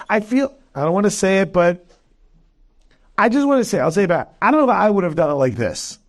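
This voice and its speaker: A man, a rabbi giving a Torah class, telling a story with lively jokes and acting out its characters. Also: high-pitched, brisk. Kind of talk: animated storytelling lecture.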